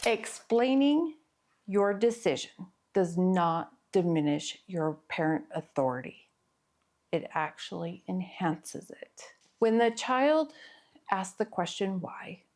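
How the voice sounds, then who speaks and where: A middle-aged woman therapist giving an earnest, explanatory talk on parenting, with pauses and fillers. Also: mid-range voice, expressive, darkish tone. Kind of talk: educational talk to camera.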